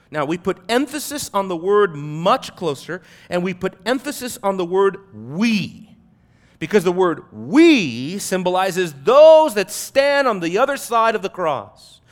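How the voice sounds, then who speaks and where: High, lively-voiced preaching man. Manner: emphatic preaching with repeated phrases and swings in loudness. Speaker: pastor. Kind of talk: sermon.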